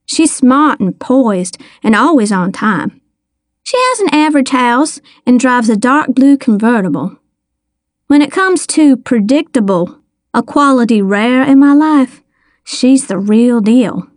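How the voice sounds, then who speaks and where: Slow, wry woman narrating a story. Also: a little high, no room sound, studio quality. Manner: wry, deadpan humor. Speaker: audiobook narrator. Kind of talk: first-person storybook narration.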